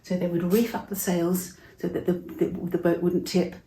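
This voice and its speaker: A woman's voice: on the low side, level tone, moderate pace, warm tone, roomy sound, slight background noise, low-quality recording. An older woman telling a Bible story to young children, chatty and interactive, asking them questions as she goes.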